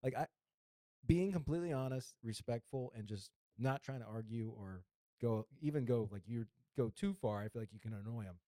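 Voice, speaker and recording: A man's voice: mid-range voice, a little fast, warm tone, dry recording, studio quality. A man co-hosting a podcast in a casual chat, blunt and profane. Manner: blunt and profane, talks over the other host. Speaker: podcast co-host.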